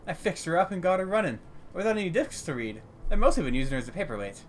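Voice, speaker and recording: A man doing a gruff old German junk trader. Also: high voice, very animated, quick pace, a little hiss or hum, pitched above the performer's own voice. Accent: German, put on. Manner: gruff but well-meaning, drawling.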